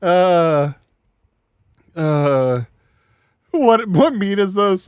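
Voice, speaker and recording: A man's voice: high-pitched, very slow, long pauses, a little mellow, clean tone, dry recording, studio quality. A man commentating casually on a live stream, laughing often and coughing between jokes. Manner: giggly, keeps laughing and joking. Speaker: streamer reacting to a video.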